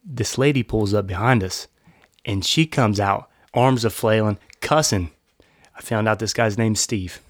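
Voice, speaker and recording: A man's voice: fairly low pitch, unhurried, no echo, studio quality. A man of about thirty, a podcast host, telling a story casually and acting out the quotes, often laughing. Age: 30s.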